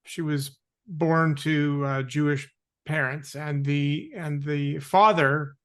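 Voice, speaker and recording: A man hosting a talk show, speaking haltingly with many restarts. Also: fairly high pitch, fairly even intonation. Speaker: host. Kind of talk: casual chat.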